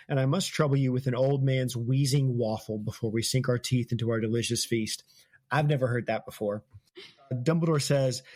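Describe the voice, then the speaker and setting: A podcast host talks casually through a book chapter, loosely retelling scenes and laughing often. His voice is middle-pitched and a little mellow, recorded close and dry with no echo.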